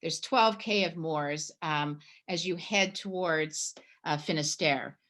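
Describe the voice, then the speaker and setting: A middle-aged woman from Canada, a guest telling a personal story in a conversation, animated and acting out the dialogue. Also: deep voice, takes it slowly. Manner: animated storyteller, acts out her own past dialogue.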